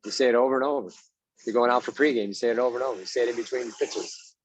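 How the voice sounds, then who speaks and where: A man's voice: medium pitch, fairly even intonation, very fast, husky, dry recording, low-quality recording. A man giving a motivational talk to baseball players as their mental coach, punchy and repetitive, having them chant mantras.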